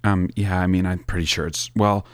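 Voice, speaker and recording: A man's voice: sits low, fairly even intonation, a little fast, no echo, natural voice. A man voicing a nervous, fretful man with a camera, who stammers and rambles anxiously. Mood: rambling.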